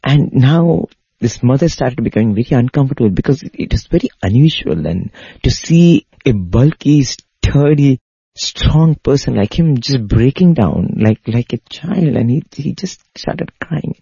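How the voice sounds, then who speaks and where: Deep, dark, husky male storyteller, earnest and repetitive; dry, dull lo-fi sound. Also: lively intonation, unhurried, no echo. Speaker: spiritual speaker. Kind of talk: devotional storytelling talk. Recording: dull lo-fi recording.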